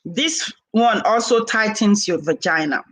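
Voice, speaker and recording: A woman, chatting casually to camera in an animated way and acting out her quoted conversations. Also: mid-range voice, measured pace, rough recording. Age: 40s. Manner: animated, laughing, acts out quoted dialogue. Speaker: vlogger and herbal seller.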